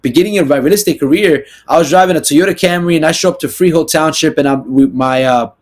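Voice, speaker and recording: A young man from New Jersey, US, appears as a podcast guest, a real estate agent doing casual interview storytelling. His pitch is slightly raised, and he's rambling and animated, talking in quick bursts peppered with asides like "you know" and "right?"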